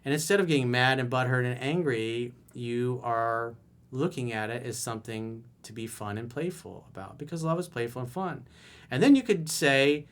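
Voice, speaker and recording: A man's voice: medium pitch, moderate pace. A man as a dating coach, reading viewer emails aloud and answering them with blunt, casual, direct advice.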